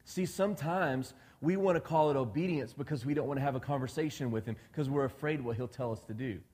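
A man's voice: medium pitch, fast, darkish tone. A man preaches in a casual, conversational way, often turning to the congregation with questions and slipping into voices for the people in his story. His voice sits in a middling range and rings out with the long reverb of a big hall. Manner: conversational, asks the congregation questions, acts out quoted dialogue. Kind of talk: sermon.

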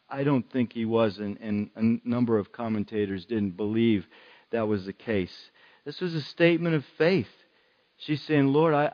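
A man's voice: medium pitch, lo-fi sound. A man preaching a sermon in an earnest way, repeating phrases for emphasis.

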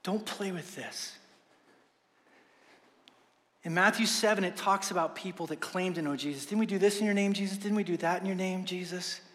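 A male pastor preaching a sermon, swinging from hushed slow passages to loud fervent ones. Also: sits high. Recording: long hall reverb.

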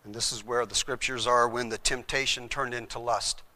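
A man's voice: medium pitch, fairly even intonation, moderate pace, pushed and bright. A middle-aged man, a former chaplain, telling his faith testimony in an earnest storytelling way and acting out the voices in his story.

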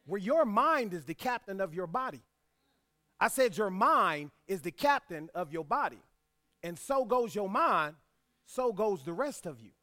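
High-voiced man preaching a sermon. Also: sing-song, unhurried, sharp tone. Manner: repeats key lines for emphasis, folksy asides. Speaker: pastor. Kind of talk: sermon with scripture reading.

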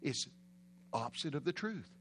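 A man with a Texan accent, preaching a sermon in a folksy storytelling way, with bursts of loud emphasis. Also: fairly high pitch, very animated, moderate pace, a little hiss or hum. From Texas.

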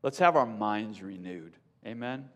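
Slow-speaking pastor in a reverberant hall. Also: male voice, lowish voice, animated. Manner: measured storytelling, then casual preaching. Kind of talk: sermon with rhyming story reading.

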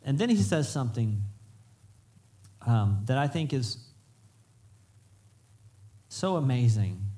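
A man preaching a conversational, animated sermon in a church, often restarting his sentences. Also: medium pitch, slow, long pauses. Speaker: pastor. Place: church sanctuary.

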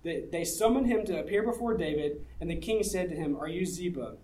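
A man's voice: on the high side, brisk, a little mellow, a little hiss or hum, low-quality recording. A man preaching a sermon, reading scripture and explaining it in a conversational way, asking the audience rhetorical questions. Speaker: pastor.

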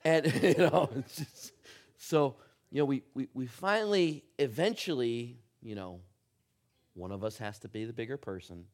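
Animated male pastor telling a story. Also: medium pitch, moderate pace. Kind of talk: sermon.

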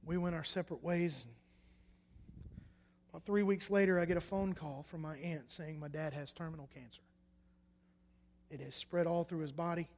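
A young man preaching a personal testimony, swinging between loud emphatic bursts and hushed quiet lines. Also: on the high side, fairly even intonation, normal speed, long pauses. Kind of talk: sermon testimony. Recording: echoey hall reverb.

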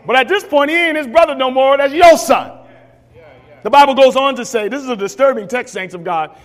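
A man preaches to his congregation, building to shouted emphasis and calling out to the saints. His voice sits very high and moves in lively swoops of pitch. The sound carries the long reverb of a large church sanctuary. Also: a little fast. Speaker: pastor. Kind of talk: sermon.

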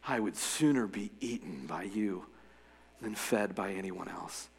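Brave female horse, read by a man, soft, reverent, long reverb. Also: sits low, unhurried, creaky, slightly rough, voice pushed down, full character voice. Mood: humble.

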